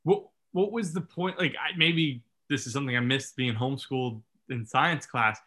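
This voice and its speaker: A man's voice: medium pitch, moderate pace, pushed and bright. A man co-hosting a casual movie review podcast, thinking aloud in rambling sentences full of "like". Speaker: podcast co-host.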